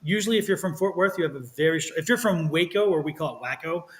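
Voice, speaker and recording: A man giving chatty, animated tarot readings on a live stream, laughing often and drawing out words for emphasis. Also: fairly high pitch, rapid-fire, rough recording. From Texas. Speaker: tarot and psychic reader.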